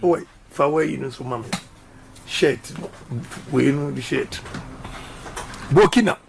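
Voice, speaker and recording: A man's voice: medium pitch, unhurried, vocal fry, noisy background. A middle-aged man with a Ghanaian accent giving an impassioned radio interview as a politician, emphatic and repeating slogans. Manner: emphatic, repeats slogans, mixes English and Twi. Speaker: politician guest.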